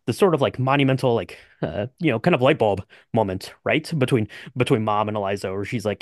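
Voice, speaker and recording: A man's voice: fairly low pitch, a little fast, hardly any pauses, no echo, studio quality. A young adult man co-hosting a podcast, talking casually about a movie with lots of fillers and restarts. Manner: rambling, many fillers and restarts. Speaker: podcast co-host.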